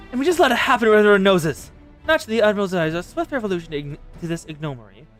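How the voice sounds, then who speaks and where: A stern military envoy lays out a request in formal, measured speech, voiced by a man reading a game. The voice is fairly high, with faint music behind it. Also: a bit bright. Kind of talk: reading game dialogue aloud.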